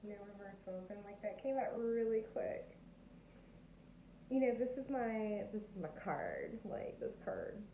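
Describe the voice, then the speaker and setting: A woman's voice: mid-range voice, unhurried. Bubbly woman tarot reader, laughs a lot, acts out reactions, echoey lo-fi phone-like sound with faint hiss. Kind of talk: casual tarot reading to camera.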